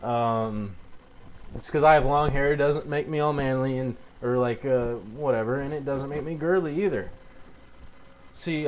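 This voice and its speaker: A man's voice: mid-range voice, a little hiss or hum, rough recording. Heated young man ranting at a webcam. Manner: irritated, heated, cursing, halting with fillers. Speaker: video blogger. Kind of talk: angry rebuttal rant to camera.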